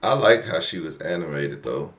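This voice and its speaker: A man's voice: low voice, lively intonation, moderate pace, a bit bright, recorded from a distance. A man hosting the show, giving a laid-back, hesitant reaction in casual commentary. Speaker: host reacting to a clip.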